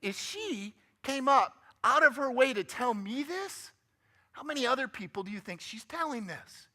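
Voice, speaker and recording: A man's voice: extremely high pitch, lively intonation, normal speed, bright, forceful tone. A man giving a motivational guest talk in church, upbeat and joking, often asking the audience questions. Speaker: guest speaker. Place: church sanctuary.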